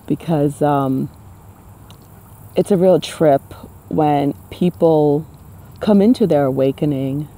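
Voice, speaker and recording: Gravelly New woman, emphatic. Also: deep voice, mellow, a little hiss or hum. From New York City. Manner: emphatic, rhetorical, exasperated. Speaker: spiritual vlogger. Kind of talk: casual spiritual talk to camera.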